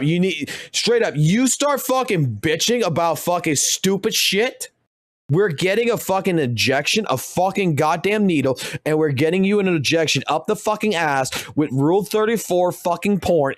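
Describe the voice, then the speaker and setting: A young man streaming, ranting crudely with constant cursing and animated outbursts. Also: fairly high pitch, moderate pace, no echo, clean studio sound. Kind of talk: profane ranting commentary.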